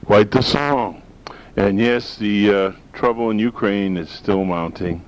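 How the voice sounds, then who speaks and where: A man's voice: on the low side, slow. A man from northern Maine hosting a talk radio show, rambling in a folksy, opinionated way. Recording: dull lo-fi sound with faint hiss.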